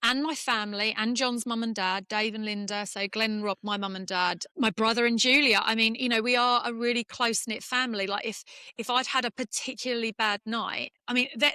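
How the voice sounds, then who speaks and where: A middle-aged English woman, a former golfer, talking candidly in an interview and speaking in quick, emotional bursts with restarts. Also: a little high, sharp tone, smooth, dry recording, clean studio sound. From England. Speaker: former professional golfer, guest.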